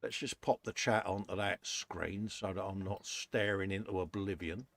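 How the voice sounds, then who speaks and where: A man's voice: sits low, steady tone, moderate pace, vocal fry, fairly bright tone. An English man hosting a casual live chat from his workshop, laughing often and calling everyone "mate". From England. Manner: chatty, laughs often, says "mate" a lot. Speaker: host.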